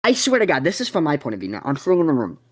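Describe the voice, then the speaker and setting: A young adult podcast co-host telling a story in casual chat, swearing constantly and rambling with sudden excited bursts. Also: mid-range voice, rapid-fire.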